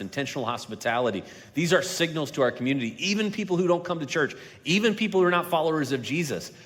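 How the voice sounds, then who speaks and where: A male pastor preaching a sermon, slowing down and dropping to a hush for emphasis, then building up louder on key points. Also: mid-range voice. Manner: dynamic delivery, slowing and dropping quiet for emphasis. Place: large church sanctuary. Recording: long reverb of a large hall.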